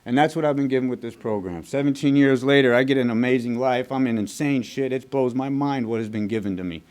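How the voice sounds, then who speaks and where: A man from Texas telling his recovery story to a meeting in a blunt, profane, fast-moving way. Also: medium pitch, darkish tone. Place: recovery group meeting room.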